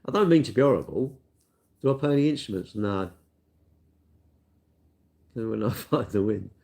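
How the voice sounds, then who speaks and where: This older man has a lowish, expressive voice with vocal fry and a slightly mellow quality, speaking at normal speed. He works in a cake shop and answers viewer questions in a casual, rambling chat, self-deprecating and matey.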